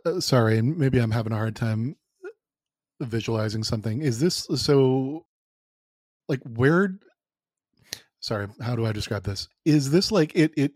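A man's voice: mid-range voice, dry recording. Male player, apologetic and groping for words, dry close mic. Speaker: tabletop game player. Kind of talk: casual game chat.

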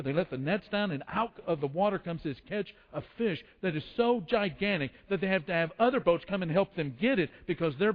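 A man preaching a sermon, telling the story with acted quotes and frequent restarts. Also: on the high side. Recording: dull lo-fi sound in a long-reverb hall.

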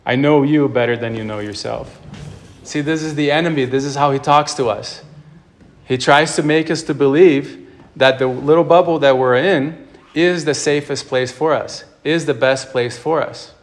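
A man's voice: a little high, fairly even intonation, normal speed. A man, a priest, preaching a sermon and retelling a film scene with emphatic storytelling.

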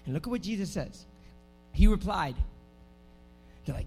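A young man preaching a lively sermon in a church, moving from hushed talk to shouting and acting out scenes. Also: sits high, normal speed, faint music behind. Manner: animated, swings from hushed to shouting, acts out scenes. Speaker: pastor.

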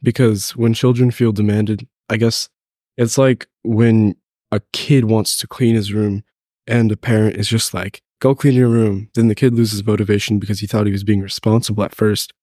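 A man's voice: lowish voice, little pitch movement, moderate pace, a little mellow, no room sound, studio quality. A teenage boy, congested with a cold, answering faith questions thoughtfully and a bit hesitantly as a podcast guest. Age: teens. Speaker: guest, host's son. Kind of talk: casual faith podcast conversation.

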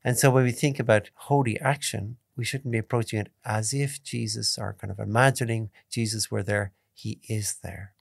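A priest giving a calm, measured spoken meditation, stressing key points by repeating them. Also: male voice, on the low side, vocal fry, no room sound, studio quality. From Ireland. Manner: calm, measured teaching tone with emphatic repetitions.

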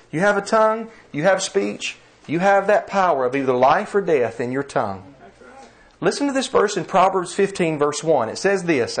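A man preaching a sermon, earnest and emphatic, slowing down to read scripture. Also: mid-range voice.

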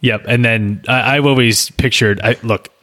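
A man's voice: mid-range voice, moderate pace. Rambling, stammering man in comic chat. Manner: rambling, stammering, earnest deadpan. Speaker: co-host, script writer. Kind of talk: comedic script read-through chat.

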